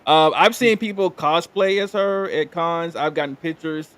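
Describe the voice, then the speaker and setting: A man hosting a casual live stream chat, laughing often and relaxed. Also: on the high side, normal speed, clean tone. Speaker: host.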